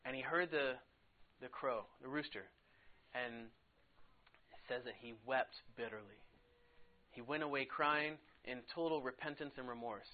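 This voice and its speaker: A man teaching a casual Bible lesson to a class in a classroom, chatty and quick to laugh, saying "like" a lot. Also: mid-range voice. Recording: tinny phone-like sound.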